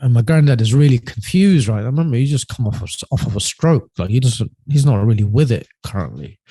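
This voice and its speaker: A man telling a personal story as a podcast guest, halting and hesitant, often trailing off quietly. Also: medium pitch, expressive, husky, no room sound.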